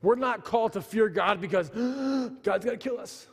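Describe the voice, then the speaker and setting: A man's voice: high-pitched, fairly quick, gravelly, in a large hall. A man in his thirties preaching a sermon, earnestly telling a family story and acting out the dialogue.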